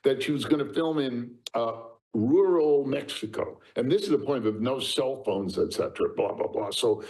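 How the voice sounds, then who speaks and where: An older man spins show-business anecdotes as an interview guest. His voice sits at an ordinary middle pitch, and he tells his stories with lively energy and frequent laughter. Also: moderate pace, poor audio. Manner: lively raconteur, laughing often. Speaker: interview guest, talent agent. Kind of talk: anecdotal storytelling.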